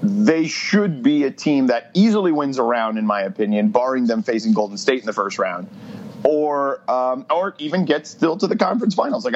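A man's voice: mid-range voice, dull audio. A man who hosts a sports radio show, talking basketball on a podcast in a blunt, matter-of-fact way. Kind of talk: casual sports talk.

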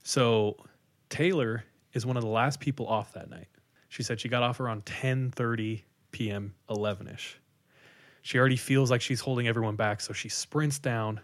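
A man's voice: medium pitch, moderate pace. Give me a man in a mid-range voice retelling a story casually and animatedly. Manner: animated, with many likes and quoted voices.

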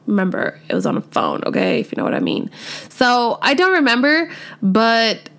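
A young woman, telling a storytime vlog in an animated, chatty way full of "like" and "literally". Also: on the high side, moderate pace, vocal fry. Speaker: vlogger.

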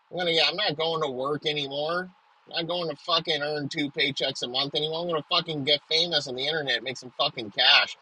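A man's voice: a little high, fairly even intonation, quick pace, sharp tone, husky, dry recording, rough recording. A young man ranting in a profane comedic monologue, riffing crudely with frequent restarts.

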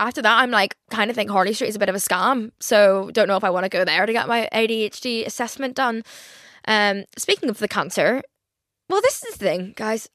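A young woman talks on her own podcast in a casual solo chat, rambling, dropping "like" constantly and swearing a lot. Her voice is medium-pitched and a little bright. The recording is clean studio sound with no echo.

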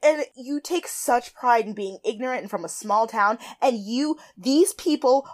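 A woman's voice: on the high side, unhurried. A young woman co-hosting a casual chat, recapping a reality show bluntly and sarcastically, swearing freely and acting out what people said. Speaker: podcast co-host.

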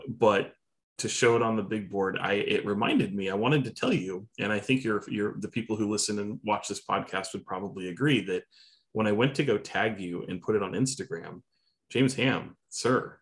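A man's voice: fairly low pitch, normal speed. A man co-hosting a sports podcast, telling long chatty stories and laughing easily. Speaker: podcast co-host, TV reporter. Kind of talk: casual sports podcast chat.

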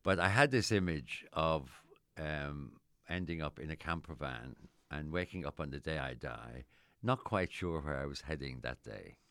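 Very deep-voiced Irish man, rambling. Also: animated, fairly bright tone, no room sound, clean studio sound. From Ireland. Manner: rambling, halting, with frequent restarts and laughs. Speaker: interviewee. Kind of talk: casual chat.

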